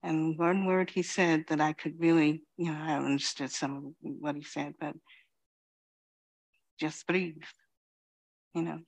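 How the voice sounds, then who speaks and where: A middle-aged woman from Queens giving a reflective dharma talk as a Zen teacher, pausing often and saying "you know". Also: deep voice, level tone. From Queens, New York City. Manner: slow, reflective, many pauses and "you know".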